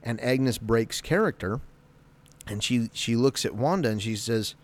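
A man's voice: mid-range voice, a little slow. A man giving a casual, rambling spoken recap of a TV episode, often correcting himself as he goes. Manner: rambling, self-correcting, acts out quotes.

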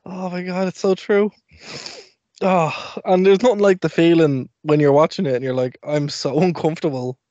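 A podcast co-host in casual chat who chimes in with quick reactions. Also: medium pitch, steady tone, mellow, no echo, dull audio.

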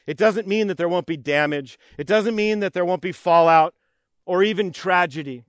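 Male pastor, high light voice, earnest repetitive sermon delivery, dry recording. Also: normal speed, no echo. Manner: earnest, repetitive preaching cadence, voicing pleading prayers.

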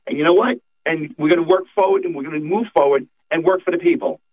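A man's voice: a little high, fast, breathy edge. A man, a political candidate calling in to a radio show, talking emphatically and repeating his points. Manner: emphatic campaign talk, repeats phrases. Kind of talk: phone-in radio interview. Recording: tinny phone line.

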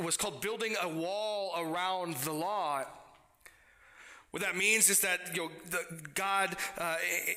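Bright, high-voiced man preaching. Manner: conversational, with frequent restarts and playful asides. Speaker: pastor. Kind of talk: sermon.

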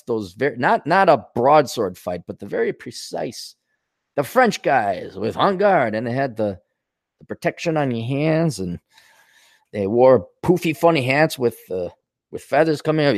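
A man runs his podcast like a bar-stool yarn, swearing freely and jumping between his own voice and quick mimicry of friends. His pitch rises and falls with lively swings, and the sound is close and dry, with no room echo at all. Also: gravelly. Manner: animated, jokes and acts out voices of others. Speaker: podcast host. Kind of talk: casual storytelling monologue.

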